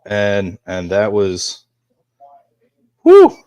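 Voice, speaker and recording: A man, a guest on a podcast, tells a personal story in an open, candid way. His voice sits rather low. The recording is dry and close. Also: moderate pace, no echo. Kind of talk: casual chat.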